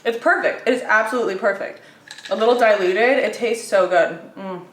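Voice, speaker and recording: Young woman, vlogger, casual chatty haul talk, mid pitch, roomy kitchen sound. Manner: chatty, upbeat, quick with fillers. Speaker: vlogger reviewing grocery finds.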